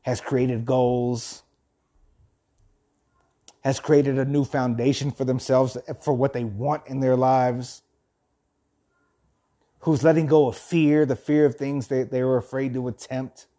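Earnest man with a mellow voice. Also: medium pitch, steady tone, slow, long pauses. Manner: earnest, repeats and restarts phrases. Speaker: host of a thirty-day motivational journey. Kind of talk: reading aloud, then motivational talk.

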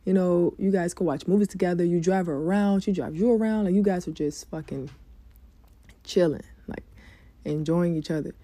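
A woman talks straight to her viewers in a loose, candid storytelling way and curses freely. Her voice sits a little low and sounds very dark and mellow. The recording is close and dry, with no room sound. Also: normal speed, dry recording. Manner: candid and chatty, swears freely. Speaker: vlogger giving dating advice. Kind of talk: casual storytelling to camera.

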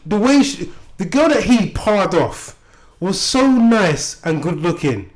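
A man's voice: high-pitched, very animated, takes it slowly. A man, co-hosting a podcast in casual chat with blunt, slangy banter. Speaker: podcast co-host. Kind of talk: casual chat about reality TV.

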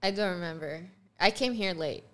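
A woman co-hosting a podcast in casual chat, laughing often and teasing with quick reactions. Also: lowish voice, fairly bright tone. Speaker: podcast co-host.

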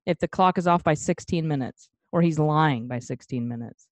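A woman with a fairly low voice bantering on a podcast, cutting in with jokes and skeptical takes and swearing freely. The sound is dry and close, with no room echo. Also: normal speed, darkish tone. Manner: joking, interrupting skeptic who swears freely. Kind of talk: casual banter.

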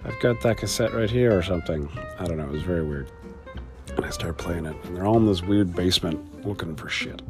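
A man's voice: on the low side, creaky, a little mellow. A man hosting a casual solo podcast, rambling and swearing with frequent laughs while he walks around his studio. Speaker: podcast host.

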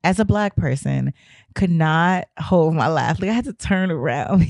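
A young woman telling a story in a casual, animated way, her voice hoarse from losing it, laughing and swearing often. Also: low voice, measured pace, no echo. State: hoarse from a lost voice.

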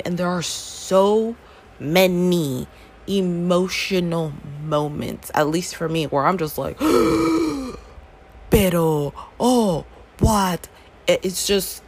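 Woman book reviewer, low voice with a gravelly edge, unhurried, lively swoops in pitch; chatty, acts out quotes. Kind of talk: casual book review chat.

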